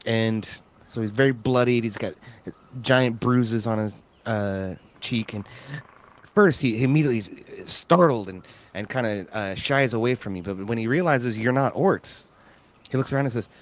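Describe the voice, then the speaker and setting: A man's voice: medium pitch, normal speed. A man in an everyday middle register narrates the scene as game master. He talks easily, stopping on frequent fillers as he describes the room. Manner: relaxed, hesitant with fillers.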